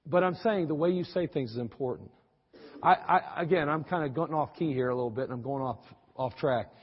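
A middle-aged man preaching a sermon, folksy and animated, with teasing asides to the congregation. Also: a little high, fairly quick, breathy edge. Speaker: pastor. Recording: dull, lo-fi audio with long church-hall reverb.

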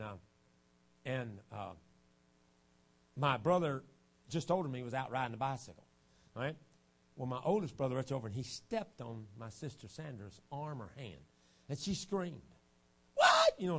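A man preaching a revival sermon in a church, telling family stories in a folksy way and moving from quiet, low remarks to loud outbursts. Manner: storytelling, swings from hushed to shouting. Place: church sanctuary.

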